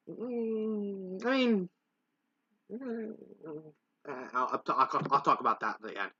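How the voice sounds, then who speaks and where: A man's voice: a little high, lively intonation, moderate pace, bright, forceful tone, dull audio. A man reading fanfiction aloud, rambling and stumbling over words, with self-mocking asides. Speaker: fanfiction reader. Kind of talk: casual story reading with asides.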